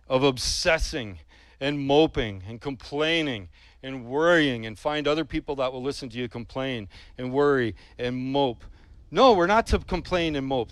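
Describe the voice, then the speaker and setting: A man's voice: medium pitch, fairly bright tone, no room sound. A man preaching a sermon in an earnest, emphatic way, repeating his points and asking rhetorical questions of the congregation.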